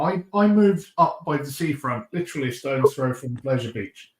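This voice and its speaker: A man's voice: mid-range voice, expressive, moderate pace, noisy background. Man, Norfolk accent, stream host, easygoing chat, roomy echo. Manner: easygoing, swears casually. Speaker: host of a live modelling stream. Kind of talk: casual chat.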